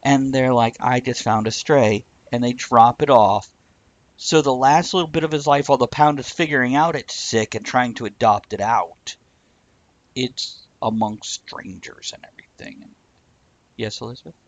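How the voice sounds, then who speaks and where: A man's voice: mid-range voice, moderate pace, highs cut off. A man hosting a casual chat, telling stories and acting out the quotes. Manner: animated storyteller acting out quotes. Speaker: host.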